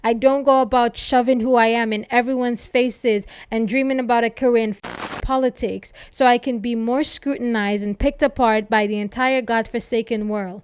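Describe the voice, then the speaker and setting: A woman's voice: a little high, smooth, no room sound, close to an everyday voice. A woman reading as a bitter young royal heir. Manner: heated, swearing outburst.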